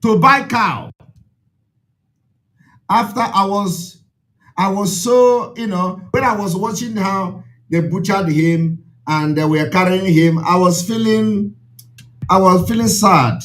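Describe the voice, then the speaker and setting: A man's voice: high voice, slow pace, fairly bright tone. A man with a Nigerian accent, an Igbo speaker, addresses his followers in an impassioned, repetitive, preaching way.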